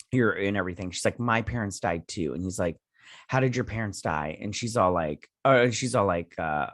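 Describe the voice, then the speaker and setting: A man's voice: on the low side, fairly bright tone, no echo. Rambling male show recapper, dry sound. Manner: rambling retelling with quoted lines and many fillers. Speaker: host. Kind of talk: casual episode recap and review.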